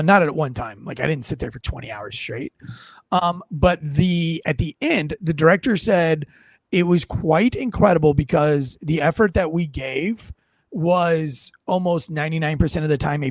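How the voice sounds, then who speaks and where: A man hosting a podcast in casual chat, rambling and animated, often poking fun at himself, on a close studio mic. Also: on the high side, vocal fry, no echo. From North Carolina. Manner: rambling, animated, self-deprecating. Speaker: podcast host.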